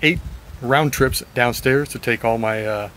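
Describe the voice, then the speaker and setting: A man chatting in a rambling, frank video diary, slightly raspy and short of breath. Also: mid-range voice, measured pace, a bit bright, a little hiss or hum, low-quality recording. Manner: rambling, frank, swears at times. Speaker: vlogger.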